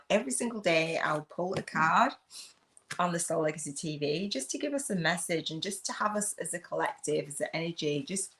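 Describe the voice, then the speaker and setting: A spiritual business coach from the UK runs a live video chat. She's a middle-aged Englishwoman with a deep voice, effusive and loud, breaking into laughter again and again.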